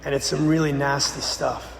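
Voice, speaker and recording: A man, a Catholic priest, telling a dramatic story in a sermon, swinging between loud bursts and hushed lines. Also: medium pitch, flat delivery, moderate pace, gravelly, a little hiss or hum. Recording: echoey church with long reverb.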